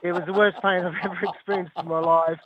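A man's voice: high voice, level tone, quick pace, phone-quality sound, crowd noise. A young Australian man phoning in to a radio show, telling a story with rueful laughs. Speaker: caller.

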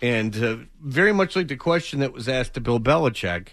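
A man's voice: mid-range voice, expressive, fairly quick, fairly bright tone, no echo. A man co-hosting sports talk radio, rambling with lots of fillers and restarts. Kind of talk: casual morning sports talk. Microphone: studio mic.

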